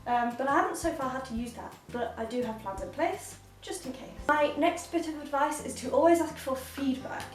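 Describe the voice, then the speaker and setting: A woman's voice: high-pitched, fairly quick, few pauses. A woman vlogging casual advice as a cat sitter, chatty and giggly, talking at home with a cat on her lap. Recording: roomy, slightly distant, faint music.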